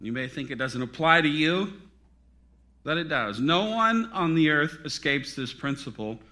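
A middle-aged male pastor preaching a sermon, swinging between loud dramatic peaks and hushed, near-whispered drops. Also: fairly high pitch, animated, a little slow.

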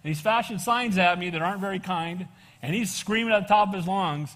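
A man pastor preaching a sermon, animated and casual, calling for amens and calling people "bro". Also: high voice, fairly quick. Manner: casual slang, says "bro". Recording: long reverb of a church hall.

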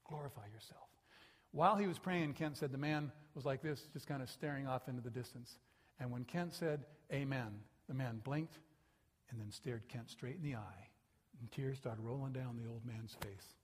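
A man's voice: mid-range voice, moderate pace, slightly rough. A male pastor preaching a sermon and telling stories with animation. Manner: animated, acts out the people in his stories. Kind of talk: sermon storytelling. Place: church sanctuary.

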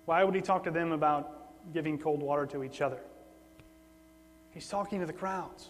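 Male preacher, somewhat high voice, casual sermon delivery, long reverb with faint hum. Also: normal speed. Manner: conversational, repeats words for emphasis.

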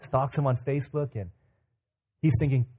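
A man's voice: medium pitch, moderate pace, dark tone, slightly rough. A man preaching a sermon in a conversational way, acting out inner thoughts as he tells stories. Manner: conversational, with many fillers and repeats.

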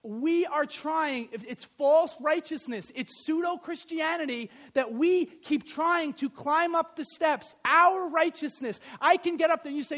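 A man preaching a sermon as pastor, swinging from loud emphatic lines to quiet conversational asides with fillers and self-corrections. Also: very high voice, a little slow, few pauses.

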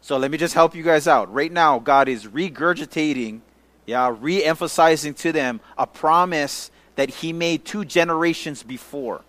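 A man's voice: a little high, moderate pace, fairly bright tone, no room sound. Slangy, conversational man preaching. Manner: conversational, slangy, keeps checking in with listeners. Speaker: pastor. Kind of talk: casual Bible-study sermon.

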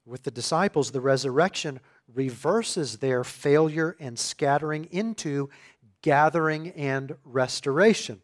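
A man preaches with a fairly high voice, reading scripture aloud and then driving home each point. He swells louder and more forceful on the lines he wants to land. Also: unhurried. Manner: emphatic, swelling louder on key phrases. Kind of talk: expository sermon.

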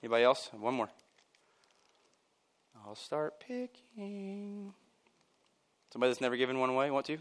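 A man preaching a sermon at a church service. His voice jumps high and loud on his points, then falls low and quiet. Between those points he drops in casual asides with a chuckle. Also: very fast, few pauses, smooth. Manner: animated and emphatic, swinging from loud bursts to near-quiet. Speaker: pastor.

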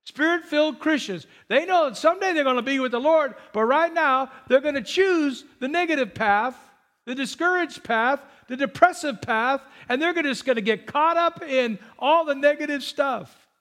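Male pastor, high voice, animated sermon delivery, loud peaks and hushed asides. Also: normal speed. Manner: animated, shifts between loud high emphasis and quiet low asides.

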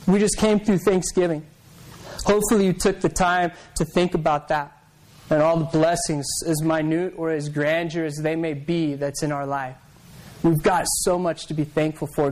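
A man's voice: high-pitched, darkish tone, rough recording. A man preaching a sermon, telling a story in a conversational way and repeating words as he gets going. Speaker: pastor.

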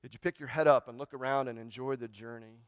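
A man preaching a sermon in a conversational way, often asking "right?" and repeating words, moving from hushed, reverent lines to loud, excited ones. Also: mid-range voice, quick pace, no room sound. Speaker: pastor.

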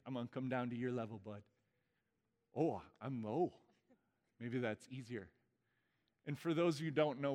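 Man leading a baptism liturgy. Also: medium pitch. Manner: warm, informal asides between formal liturgy. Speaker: pastor. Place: church sanctuary. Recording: reverberant church hall.

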